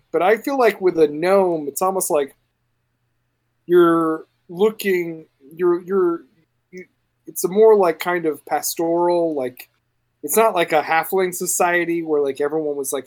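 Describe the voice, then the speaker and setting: A man's voice: on the high side, measured pace. A man running a tabletop game in casual podcast chat, rambling and restarting his sentences with enthusiasm. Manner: rambling, self-interrupting, enthusiastic. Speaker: game master.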